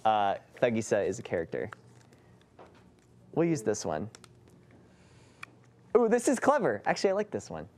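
A man's voice: lowish voice, huge pitch swings, normal speed, pauses often, darkish tone. A man hosting a casual party game with friends, joking and laughing as he talks. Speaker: game show host. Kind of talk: playful group game chat.

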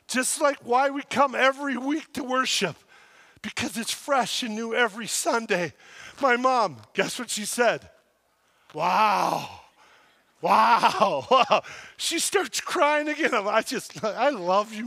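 High, bright-voiced preacher man in a reverberant hall. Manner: animated storytelling, shouting at peaks. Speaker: pastor. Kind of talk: sermon. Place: church sanctuary.

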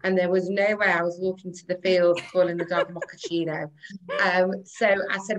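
A woman's voice: fairly low pitch, little pitch movement, moderate pace, distant mic, poor audio. An English woman guest chatting on a video call, bubbly and jokey. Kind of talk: casual chat.

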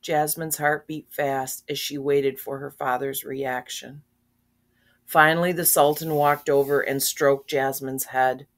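An older woman reading a children's storybook aloud, gently asking her young listeners questions. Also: a bass voice, little pitch movement, measured pace. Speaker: storybook reader.

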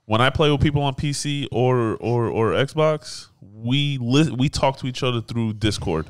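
A man's voice: medium pitch, measured pace, clean tone, no echo. A man co-hosting a casual gaming podcast, making emphatic, ranting complaints. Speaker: podcast co-host. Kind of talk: casual chat.

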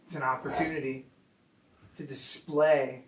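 A man preaching a sermon in a conversational way, dropping to a hushed lower voice when he quotes God. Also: level tone, a little slow. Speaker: pastor. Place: church meeting room. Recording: roomy sound from a distant mic.

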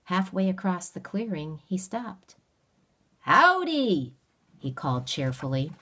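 A woman reading a children's novel aloud, with steady, measured storytelling. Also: lowish voice. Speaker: reader.

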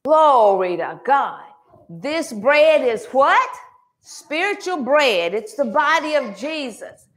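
A woman with a high voice preaches a sermon in a church. She swings between loud calls and quiet asides, pulling the congregation into call-and-response. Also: very animated, slow. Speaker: pastor. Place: church sanctuary.

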